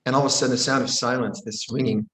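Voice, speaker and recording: An older man, a Buddhist monk, giving a calm dharma talk and answering a question, often repeating and restarting his phrases. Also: mid-range voice, rapid-fire. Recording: roomy echo.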